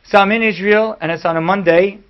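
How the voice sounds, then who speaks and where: A man, a rabbi giving a class, telling a story in an animated way that swings from hushed to loud. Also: high voice, fairly quick. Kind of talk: storytelling lecture. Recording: dull lo-fi recording.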